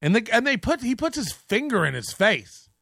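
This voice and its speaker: A man with a high, bright voice recaps a clip in casual show-host fashion. He laughs a lot and keeps repeating the lines he finds funny. The sound is close and dry, with no room around it. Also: moderate pace, gravelly, no room sound. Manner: laughing, repeating quotes, animated. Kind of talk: casual commentary on a viral video.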